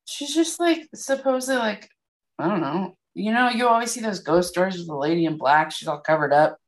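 A woman's voice: fairly low pitch, animated, fairly quick. A woman co-hosting a podcast in casual chat, blunt, laughing often and swearing freely. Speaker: podcast co-host.

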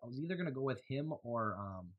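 A man casually talking through his fantasy football picks on a podcast, loose and quick to laugh. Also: medium pitch, animated, lo-fi sound. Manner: laughs easily, loose and joking. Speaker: podcast co-host.

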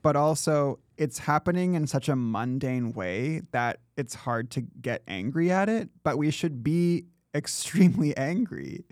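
A man's voice: on the high side, expressive, measured pace, few pauses, a little mellow, dry recording, studio quality. A man from Canada co-hosting a podcast in casual chat, rambling with lots of fillers and laughing often. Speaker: podcast co-host.

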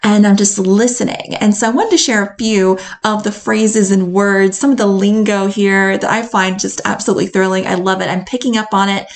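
A woman's voice: medium pitch, fairly even intonation, moderate pace, hardly any pauses. An American woman from North Carolina, a confidence coach hosting a solo podcast, talking in an upbeat, enthusiastic way and laughing often. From North Carolina, USA.

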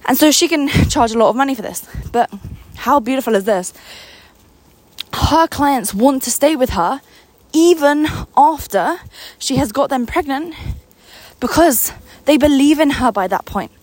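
A young woman coaching business owners in an unscripted pep talk, her voice pitched a touch high and sounding dry and close. She talks with eager enthusiasm, slightly out of breath, leaning on repeated words to stress a point. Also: animated, measured pace, darkish tone, no echo. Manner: enthusiastic, speaks from the heart, repeats words for emphasis. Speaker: business coach and company founder.

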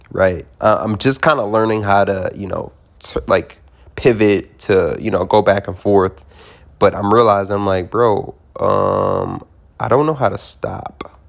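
A young man casually telling a rambling, profane story as a podcast host, often laughing and circling back on himself. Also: fairly low pitch.

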